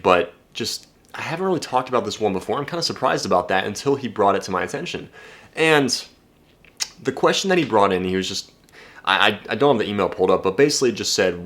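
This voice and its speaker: A young man talking casually to camera as a dating coach, blunt and energetic, swearing freely and restarting his sentences. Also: on the low side. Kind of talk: casual direct-to-camera talk.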